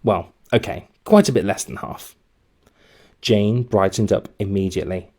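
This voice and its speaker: A man, a teacher reading a children's book aloud in a lively way. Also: fairly low pitch, moderate pace. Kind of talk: storybook narration.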